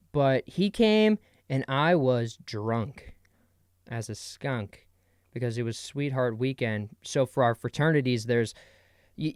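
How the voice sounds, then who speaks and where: A young man hosts a podcast on his own, rambling playfully through a casual comedic monologue and jumping between bits. His medium-pitched voice sounds clean, captured as a dry recording with clean studio sound.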